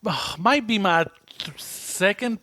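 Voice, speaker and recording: A man's voice: high voice, slow, sharp tone. A man co-hosting a podcast in casual chat, laid-back and easygoing, swearing casually. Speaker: podcast co-host.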